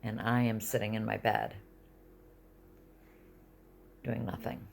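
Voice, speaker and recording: A middle-aged woman talks in a casual, confessional vlog from her bed at home. Her voice is gravelly and she rambles, often trailing down to a near-whisper. Faint background noise sits under the recording. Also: rumbling low, level tone, slow. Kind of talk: casual personal vlog, venting.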